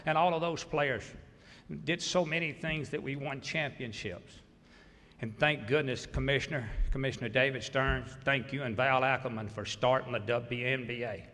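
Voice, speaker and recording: A Southern man in his sixties speaks at a podium with a bright, forceful voice and folksy, grateful humor. His words ring out into a large hall with a long, echoey reverb behind them. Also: mid-range voice. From Mississippi. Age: 60s. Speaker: basketball coach. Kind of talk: hall of fame acceptance speech.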